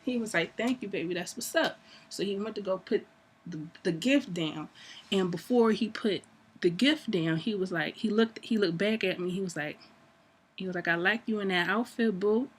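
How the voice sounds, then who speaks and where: A young woman telling a story to camera in a casual, animated way, acting out both sides of a conversation and laughing often. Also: mid-range voice, moderate pace, breathy edge. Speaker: vlogger.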